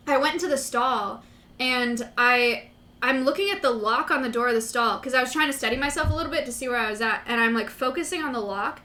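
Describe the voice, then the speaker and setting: A woman with a high, bright voice talks fast in casual chat. She is excitable and quick to jump in.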